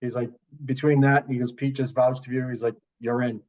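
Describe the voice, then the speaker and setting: The recording is dull, carrying a mid-range, level, darkish voice that moves fairly quickly. A comedian from around Boston, he's a podcast guest who rambles through stories, curses liberally and does impressions of the people he quotes.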